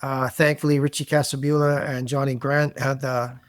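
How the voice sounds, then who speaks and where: A middle-aged man from Canada, a podcast guest telling animated, self-deprecating stories in a relaxed conversation. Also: medium pitch, normal speed, no room sound, clean studio sound. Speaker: interview guest. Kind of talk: conversational interview.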